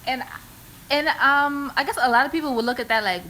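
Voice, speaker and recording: A woman's voice: high-pitched, brisk, sharp tone, a little hiss or hum. A young woman from New City, hosting a casual chat and thinking aloud as she talks. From New York City. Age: young adult. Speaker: host.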